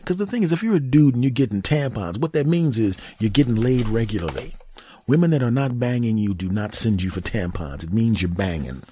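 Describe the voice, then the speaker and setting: A man's voice: on the low side, mellow, husky, no room sound. A man hosting his own podcast, joking crudely in a rambling comedic monologue. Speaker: podcast host.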